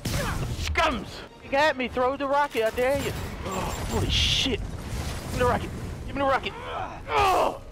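A man giving loud, excitable let's play commentary, swearing freely and slipping into goofy mock-announcer bits. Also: extremely high pitch, a little fast. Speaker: gaming YouTuber. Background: game soundtrack and sound effects.

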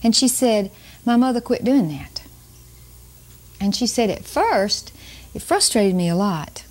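An older woman teaching about parenting, telling family stories to an audience in a slow, emphatic way with chuckles. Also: a little high, expressive. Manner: warm storytelling, slow emphatic delivery with chuckles. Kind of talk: storytelling talk to an audience.

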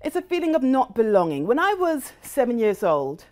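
Woman, middle-aged, grew up in the United States, motivational talk, animated storyteller, varied pitch. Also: normal speed. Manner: animated storyteller, shifting into quoted voices. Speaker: guest speaker. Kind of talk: motivational talk to a live audience.

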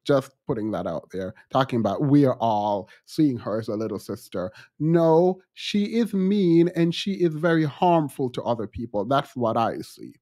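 A man's voice: mid-range voice, expressive, normal speed, few pauses, dark tone. A man hosting a commentary podcast, reacting to clips in a blunt, opinionated way.

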